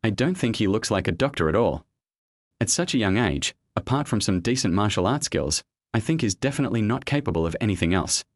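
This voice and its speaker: A man's voice: lowish voice, expressive, a little fast, no room sound. Guy doing a bad-tempered young woman, snapping and scornful, dry sound. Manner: sharp, scolding.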